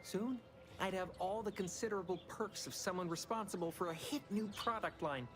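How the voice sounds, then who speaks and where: A man's voice: sits high, brisk, music in the background, natural voice. An actor playing a scheming, talkative corporate underling with folksy salesman patter in a video game. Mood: wheedling.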